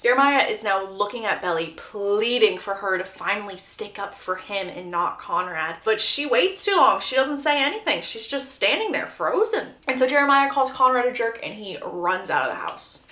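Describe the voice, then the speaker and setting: Woman gossiping thru a book recap, bright high voice, echoey room. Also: moderate pace, hardly any pauses. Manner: animated, gossipy storytelling.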